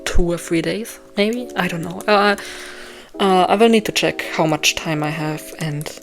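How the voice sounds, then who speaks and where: A woman's voice: on the low side, unhurried, vocal fry, soft background music. A young woman thinking aloud as she writes her novel, rambling and self-deprecating, with plenty of ums and restarts and a voice getting tired. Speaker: author writing a novel live. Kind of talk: casual thinking aloud while writing.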